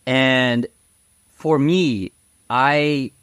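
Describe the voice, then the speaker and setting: A man's voice: medium pitch, very slow, fairly bright tone, clean tone, no room sound. A man talking casually as an interview guest, frank and outspoken, rambling with fillers and tag questions. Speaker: podcast guest. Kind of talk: casual conversational storytelling.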